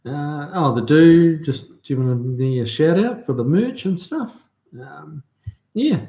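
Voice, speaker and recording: A man with a New Zealand accent and a slightly high, expressive voice hosts a livestream at a slow pace. Laid-back, he reads viewer comments and chats, with many ums and restarts. Highs are cut off, and there's a roomy echo.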